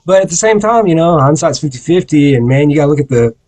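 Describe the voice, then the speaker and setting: A male podcast host with a somewhat higher, husky voice. He chats in a relaxed, easygoing way and mostly chimes in to agree. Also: fast talker. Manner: laid-back, agreeable interjections. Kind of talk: casual chat.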